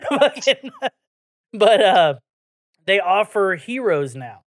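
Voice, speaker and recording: A man's voice: high-pitched, lively intonation, a little slow, dry recording. Male podcast host, casual and profane, dry close mic. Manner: swears a lot, loose and joking.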